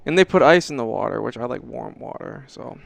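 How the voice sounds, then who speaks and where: Gravelly deadpan man on a podcast. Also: mid-range voice, brisk, slight background noise. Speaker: prosecutor and regular co-host. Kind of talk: casual chat.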